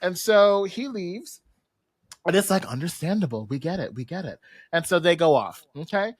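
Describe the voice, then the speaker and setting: A podcast panelist recapping an episode in slangy casual talk, acting out the characters in quick voices. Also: mid-range voice, lively intonation, slightly rough, no echo, clean studio sound.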